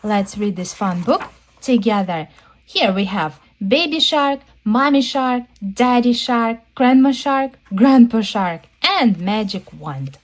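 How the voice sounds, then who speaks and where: A woman reading a storybook aloud to children, gentle and friendly in a sing-song way. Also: fairly high pitch, slow pace. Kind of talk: children's read-aloud narration.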